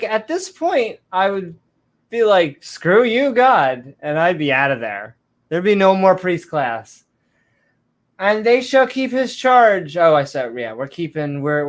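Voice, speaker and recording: A woman's voice: deep voice, lively intonation, normal speed. A woman co-hosting a comedy podcast, teasing and joking in casual banter. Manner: playful, teasing, joking asides. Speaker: podcast co-host.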